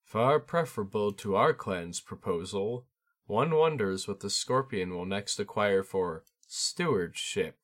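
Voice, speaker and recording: A man doing a flat, guarded young noblewoman. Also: fairly low pitch, unhurried. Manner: flat, guarded, quietly sarcastic. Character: reserved young noblewoman, homesick and dry.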